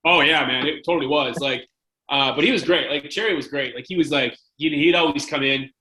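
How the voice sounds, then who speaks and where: A man's voice: on the high side, fairly quick, bright, forceful tone, poor audio. A man in his forties from Canada, a former hockey goalie telling stories in a casual interview, rambling with lots of "like" and "right?".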